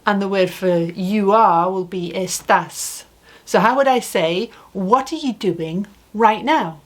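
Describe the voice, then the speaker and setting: A woman giving a spoken language lesson at an unhurried, deliberate pace. She talks patiently in a mid-range voice, posing questions and modeling each phrase for the listener. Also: mid-range voice. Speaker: Spanish teacher.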